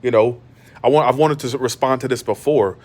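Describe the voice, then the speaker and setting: A man's voice: mid-range voice, brisk, a little mellow. A man hosting a tarot channel, ranting bluntly in casual livestream talk and repeating himself for emphasis.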